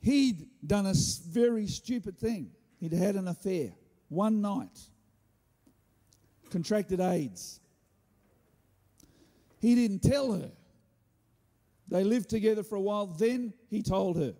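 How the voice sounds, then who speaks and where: A man preaching a sermon, telling a story with animated delivery and joking asides. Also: high-pitched, takes it slowly, long pauses. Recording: hall reverb.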